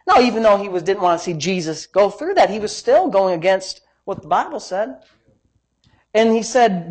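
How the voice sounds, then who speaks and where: A man's voice: sits high, big pitch swings, brisk, a little mellow, husky. A man pastor preaching a sermon in an emphatic, exclamatory way.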